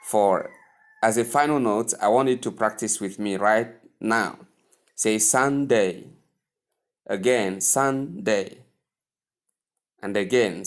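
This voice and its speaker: A man teaching English pronunciation, speaking deliberately and repeating each word several times for the listener to practice. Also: fairly low pitch. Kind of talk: pronunciation lesson.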